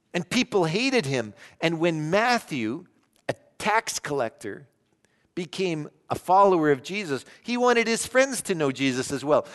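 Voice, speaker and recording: Man, pastor preaching, earnest, loud then hushed, slightly high voice, long hall echo. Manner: earnest preaching, shifting between loud emphasis and hushed lows. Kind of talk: sermon.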